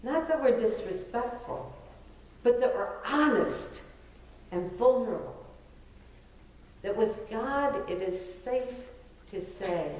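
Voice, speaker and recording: A middle-aged woman pastor preaches in a slow, conversational way, mixing self-deprecating asides with emphatic points. Her voice is picked up from a distance and rings through a very reverberant church sanctuary. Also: a little high, expressive, darkish tone. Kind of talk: sermon. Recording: very echoey church from far off.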